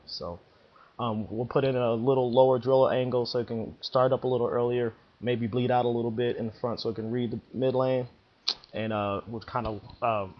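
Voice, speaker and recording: A man's voice: medium pitch, flat delivery, moderate pace. A man giving casual advice in a slangy, emphatic, laid-back way, on a dull lo-fi recording. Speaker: bowling vlogger.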